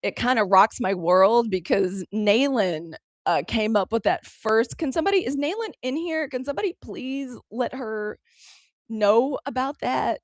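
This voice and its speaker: An American woman hosting a news livestream speaks on the high side, animated and a little slow, in a dry studio-quality recording. Chatty with her viewers, whom she calls y'all, she fumbles aloud with the app controls as she goes.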